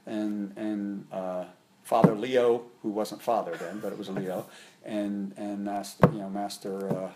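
A man in his fifties, a martial arts instructor, telling stories in a casual interview. He rambles and restarts often, and his voice jumps higher and louder when he gets animated. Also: measured pace, very noisy. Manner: rambling, with frequent restarts and fillers.

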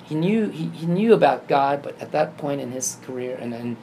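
A man telling a personal story in casual conversation, acting out the quoted dialogue with lively shifts. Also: on the high side, normal speed, slight background noise. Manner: animated, acts out quoted dialogue. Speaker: guest telling his story.

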